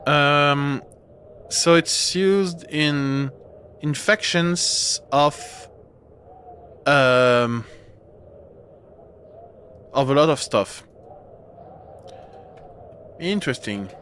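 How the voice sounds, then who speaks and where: A man's voice: fairly high pitch, very slow, pauses often, a bit bright, a little hiss or hum. A man streaming a horror game, chatting casually in a rambling way and breaking off with laughs. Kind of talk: casual gameplay commentary.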